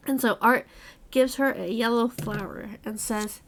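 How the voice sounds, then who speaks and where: Casting: a fairly high-voiced woman who hosts a book club and retells the chapters with lively quoted dialogue. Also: slow pace, long pauses, slight background noise. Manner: animated retelling with quoted lines and swearing. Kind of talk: casual book club chat, recapping chapters.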